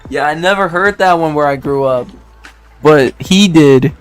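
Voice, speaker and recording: A man's voice: on the high side, a little slow, smooth, soft background music. A man in his twenties from Detroit, chatting casually with stream viewers in a rambling way, laughing often and filling with "like". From Detroit, United States. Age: 20s.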